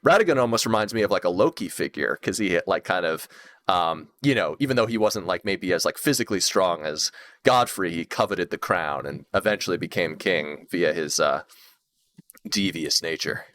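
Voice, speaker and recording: A man's voice: sits low, normal speed. A man co-hosting a casual gaming podcast, rambling with many fillers and laughing as he retells moments. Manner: rambling, lots of fillers, laughs often, animated when retelling. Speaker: podcast co-host.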